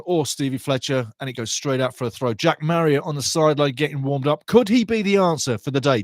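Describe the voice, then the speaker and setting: Man, fan watch-along commentator, high-ish voice, dry close sound, excitable, chatty. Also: no room sound. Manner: passionate, chatty, talks to viewers, shouts at goals. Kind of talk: excitable live match commentary.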